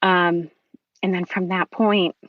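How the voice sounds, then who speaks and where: A woman guest on a podcast, telling an emotional personal story with many pauses and ums. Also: fairly low pitch, little pitch movement, no room sound, dull audio.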